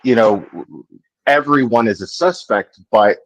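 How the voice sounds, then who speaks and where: A man's voice: medium pitch, unhurried, dry recording. A man on a livestream panel, speaking hesitantly and hedging, with many restarts. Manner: hesitant, hedging, repeats himself. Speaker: guest panelist. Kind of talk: casual livestream panel discussion. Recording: dull, dry livestream audio.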